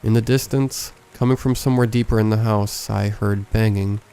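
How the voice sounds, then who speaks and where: A man reading a horror story aloud as a scripted narration, in a measured, hushed storytelling manner. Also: lowish voice, steady tone, clean tone. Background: faint background music.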